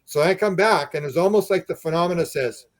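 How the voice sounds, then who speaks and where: Animated man telling a story. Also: a little high. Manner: animated, acts out quoted speech with raised voice; halting, frequent restarts and repeated words. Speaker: podcast guest, UFO researcher. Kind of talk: casual storytelling.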